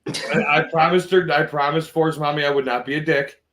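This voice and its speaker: A man with a slightly high voice co-hosting a laid-back podcast. He rambles through his stories, restarting sentences and quoting back and forth as he goes. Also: steady tone, brisk, fairly bright tone. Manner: rambling, restarts mid-story. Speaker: podcast co-host. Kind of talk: casual chat.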